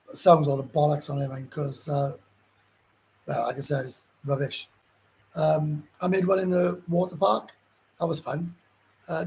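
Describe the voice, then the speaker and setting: A Welsh man with a gruff voice, hosting a casual live chat and answering viewer comments in a rambling, blunt way with frequent swearing. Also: on the high side, a little mellow, rough recording. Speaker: livestream host.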